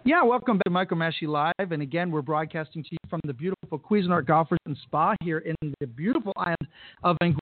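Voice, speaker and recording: A man hosting a radio show on location at a resort, chatting casually and enthusiastically, rambling a little. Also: high voice. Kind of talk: casual on-air chat. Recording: tinny phone-like radio sound, dry.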